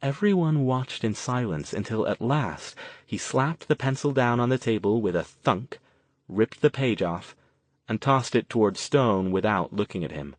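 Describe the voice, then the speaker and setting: Man with a low, dry narrating voice. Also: animated, measured pace, no echo. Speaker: audiobook narrator. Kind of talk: scripted narration.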